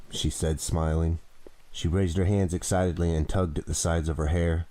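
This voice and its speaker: Deep dark-voiced male narrator. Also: little pitch movement, moderate pace. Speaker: audiobook reader. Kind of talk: scripted narration.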